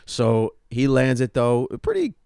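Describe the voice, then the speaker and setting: A young man co-hosts a casual podcast. He tells stories with a very lively, swinging pitch, swears freely and laughs easily. The sound is close-miked and dry, with no room in it. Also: unhurried, smooth, no echo. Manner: animated storyteller, swears freely, laughs often. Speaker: podcast co-host. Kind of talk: casual storytelling chat.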